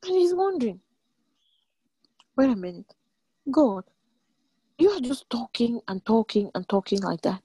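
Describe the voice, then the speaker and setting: A woman preaching a sermon, animated and emphatic, repeating lines and jumping in pitch. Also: unhurried, long pauses, slightly rough, no echo.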